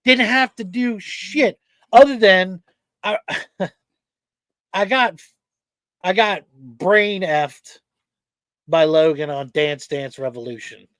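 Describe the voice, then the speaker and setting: A man's voice: high voice, slow, long pauses, no echo. A man hosting a casual podcast, telling a story with lots of energy and plenty of swearing. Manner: animated storyteller, swears freely. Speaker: podcast host. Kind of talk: casual chat.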